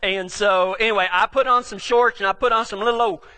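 Folksy West Texas cowboy preacher, high bright voice. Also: male voice, fairly even intonation, a little fast. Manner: folksy, rambling, joking, with cowboy slang. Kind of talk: storytelling sermon to a live audience.

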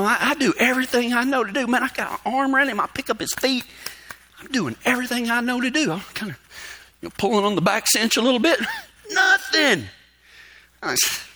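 A male pastor spins a folksy story in his sermon, his fairly high voice cutting through with a very bright, sharp edge. He chuckles often as he talks. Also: expressive, quick pace.

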